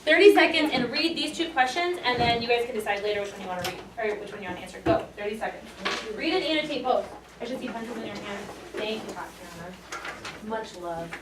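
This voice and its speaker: A woman's voice: a little high, quick pace. A woman teaching a class, upbeat and encouraging, playfully hyping the lesson. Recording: echoey room, mic far off, noisy.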